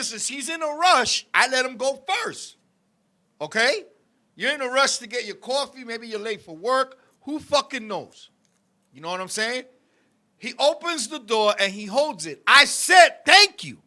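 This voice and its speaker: A middle-aged man hosts a live-stream talk show, telling a story in a heated, profane rush. His voice sits unusually high for a man, with a sharp, bright edge. He keeps turning to his co-host and his viewers as he talks. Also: animated, normal speed.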